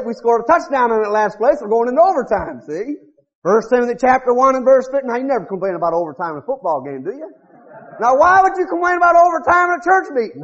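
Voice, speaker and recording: On a dull lo-fi recording, a middle-aged man preaches a folksy revival sermon packed with rhetorical questions. He swings from loud shouts to low, muttered asides.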